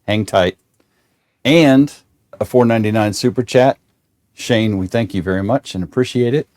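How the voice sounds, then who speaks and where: Folksy low-voiced man hosting. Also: normal speed, background noise. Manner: folksy, joking, rambling with restarts. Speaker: show host. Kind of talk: casual livestream chat.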